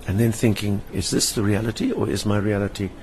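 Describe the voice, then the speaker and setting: A man's voice: on the low side, fairly even intonation, fairly quick, darkish tone, slight background noise. An older man with a South African accent, speaking as an interview guest and telling personal stories vividly, acting out the voices of people he quotes. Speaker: interview guest, stage performer. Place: hotel lounge.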